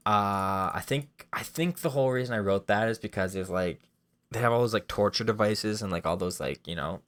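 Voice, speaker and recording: A man casually pitching comedy sketch ideas in a rambling, self-deprecating way, full of fillers. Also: a little fast, fairly bright tone. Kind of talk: casual monologue.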